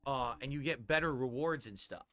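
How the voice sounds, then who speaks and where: A man's voice: mid-range voice, brisk, pushed and bright. A man livestreaming a mobile game, energetically explaining the gameplay to his chat. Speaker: streamer. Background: music.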